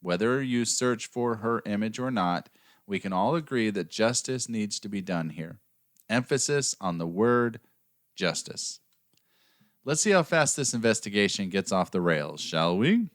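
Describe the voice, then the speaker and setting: A man's voice: on the low side, animated, normal speed, no echo, studio quality. A man co-hosting a podcast, reading out a case with jokey, wry asides. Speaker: podcast co-host and narrator. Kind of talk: casual podcast chat with scripted narration.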